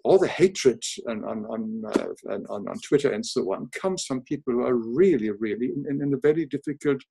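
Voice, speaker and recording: An older man speaking English with a noticeable foreign accent, a podcast guest talking in a reflective, earnest way, often pausing and restarting his sentences. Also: medium pitch, expressive, gravelly, breathy edge. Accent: noticeable non-native English accent. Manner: halting, many restarts, soft-spoken and earnest. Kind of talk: reflective casual conversation.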